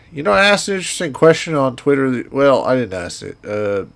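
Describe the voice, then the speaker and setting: Gravelly guy w/ a twang, rambling folksy game commentary. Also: mid-range voice, big pitch swings, moderate pace, fairly bright tone. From Indiana. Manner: rambling, folksy, talks to himself while playing. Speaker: gaming streamer. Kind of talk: casual gameplay commentary.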